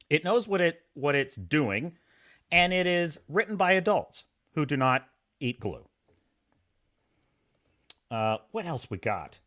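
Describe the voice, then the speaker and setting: A man hosting a live stream, talking in a sarcastic, animated way and reading chat messages aloud. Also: on the high side, slow, pauses often. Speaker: podcast host.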